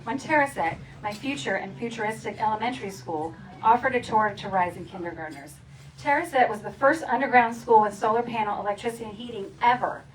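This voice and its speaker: A woman reading from her own memoir at a community celebration, playful and often laughing as she acts out the funny parts. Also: mid-range voice. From Philadelphia area. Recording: distant mic with faint ambient noise.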